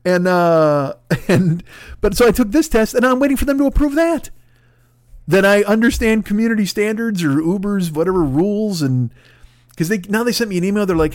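A middle-aged man rants through a solo comedic monologue, swearing freely. His voice sits a bit high and swings widely as he tells his stories, and the close mic leaves it dry. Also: moderate pace, no echo. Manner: profane, ranting, animated storytelling. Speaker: podcast host.

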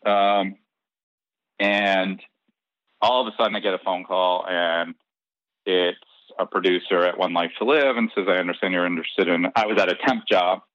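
On dull, dry, lo-fi podcast audio without echo, a man with a deep voice and normal speed recounts stories from his work as a soap opera head writer. In this relaxed interview he's lively, acting out the dialogue.

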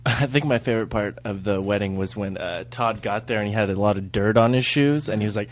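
A man's voice: fairly low pitch, brisk. A man co-hosting a podcast, telling a story in casual, laughing comedic chat. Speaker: podcast co-host.

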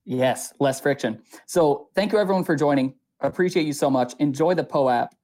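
A man's voice: on the high side, moderate pace, darkish tone. A man hosting an online talk show, closing it in an upbeat, promotional way. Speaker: host. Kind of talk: show sign-off.

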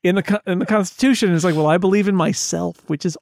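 A man's voice: high-pitched, fast, creaky, a little mellow, no echo. A man co-hosting a casual film podcast, retelling scenes and playfully doing the characters' lines. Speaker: podcast co-host.

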